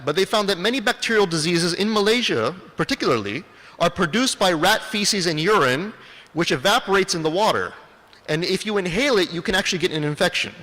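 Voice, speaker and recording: Guy giving a lecture, keeps asking the room questions then answering, fairly high voice, echoey hall. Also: pushed and bright. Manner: asks the audience questions and answers them himself. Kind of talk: lecture presentation. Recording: long reverb of a hall.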